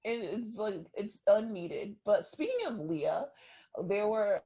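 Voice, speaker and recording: Young woman, husky voice, dry close sound, chatty gossiping podcast host. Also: mid-range voice, big pitch swings, slow, warm tone, no room sound. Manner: chatty, laughs often, gossipy. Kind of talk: casual chat.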